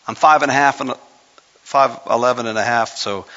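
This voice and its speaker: A man's voice: mid-range voice, fairly even intonation, pushed and bright. A man preaching a sermon as pastor of his church, climbing in intensity and shifting pace for emphasis. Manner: preaching with rising intensity, speeding up and slowing down for emphasis. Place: church sanctuary. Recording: muffled recording with long hall reverb.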